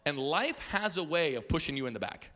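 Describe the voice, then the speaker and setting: A man's voice: on the high side, fairly quick. A man in his thirties preaching as a pastor in a church, telling stories with playful asides and stammered repeats. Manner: animated storytelling with playful asides. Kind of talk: sermon. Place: church auditorium.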